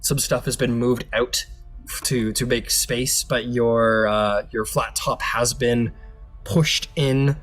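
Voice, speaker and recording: A man narrates a tabletop game as its game master, loose and chatty. His pitch sits in a middle range. Faint music plays under the session. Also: steady tone, slow, fairly bright tone. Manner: loose, chatty, with fillers and laughs.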